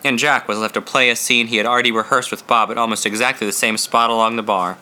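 A man narrating an audiobook in a measured, dramatic storytelling manner. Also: medium pitch, fairly even intonation, bright, forceful tone.

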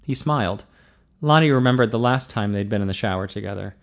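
A man reading an audiobook as narrator, in a steady, measured voice. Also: fairly low pitch.

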